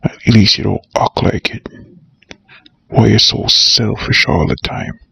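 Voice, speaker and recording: A man's voice: slow, vocal fry, sharp tone, breathy edge, dry recording, exaggerated voice. A man doing a scolding Jamaican brother. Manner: scolding in a low voice. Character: resentful adult brother, sharp-tongued.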